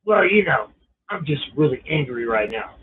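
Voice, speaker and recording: A man's voice: a little high, sing-song, moderate pace. Profane middle-aged man on a tinny line. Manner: profane, exasperated storytelling. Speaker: storyteller. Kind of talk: casual personal anecdote.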